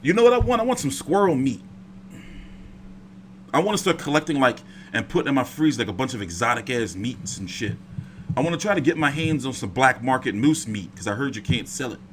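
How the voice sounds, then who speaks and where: A boxing commentator with a mid-range voice chats fairly quickly during a casual livestream at home. He rambles, swears freely, and stays animated, while slight background noise lingers.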